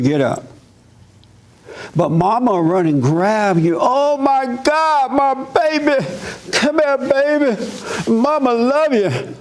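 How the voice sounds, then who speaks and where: A man preaching an informal sermon, talking with his congregation and acting out others' voices. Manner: animated, acts out mother in a high voice.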